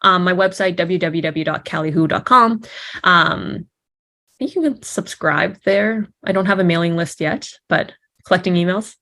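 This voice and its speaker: A woman's voice: fairly low pitch, moderate pace, a bit bright. A young woman, an actress, chatting casually in an interview, bubbly and giggly with many fillers and restarts.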